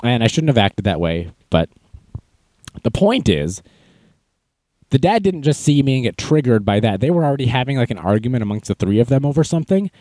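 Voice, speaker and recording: A young man hosting a podcast, telling stories in a casual, self-mocking way and acting out quotes in a high voice. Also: very animated, brisk, darkish tone, no room sound. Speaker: podcast host. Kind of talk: casual storytelling monologue.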